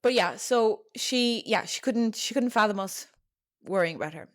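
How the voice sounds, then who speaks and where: A young Irish woman talking frankly in casual storytelling, full of fillers and the odd curse. Her voice sits at an ordinary middle pitch. The sound is close and dry. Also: lively intonation, moderate pace, no room sound. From Ireland. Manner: chatty and frank, with lots of fillers and swearing. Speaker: podcast host.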